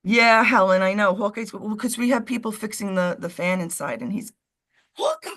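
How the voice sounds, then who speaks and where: A woman's voice: medium pitch, brisk, fairly bright tone. A woman co-hosting a live stream, chatting casually and rambling while she calls her dog over. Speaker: co-host of a live show.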